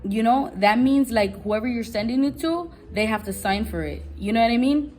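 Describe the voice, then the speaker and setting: A woman in her thirties telling a casual story in an animated, heated way, often repeating "I was like". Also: fairly high pitch, moderate pace, soft background music. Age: 30s. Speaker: vlogger.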